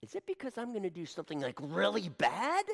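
Eager fisherman-disciple put on by a male preacher, fast and breathless, hall echo. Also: high-pitched, wildly swooping pitch, gravelly, exaggerated voice. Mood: anxious. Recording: long hall reverb.

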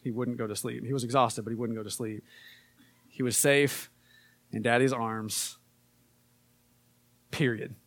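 A man preaching a casual sermon, relaxed and conversational with frequent fillers, and more emphatic when he reads scripture. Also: mid-range voice, a little slow, pauses often, dry recording. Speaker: pastor.

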